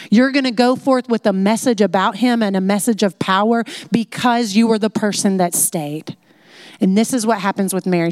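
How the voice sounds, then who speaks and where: A woman teaching a conversational Bible lesson in a chatty, animated way, full of "like" fillers. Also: a little high, no room sound, studio quality.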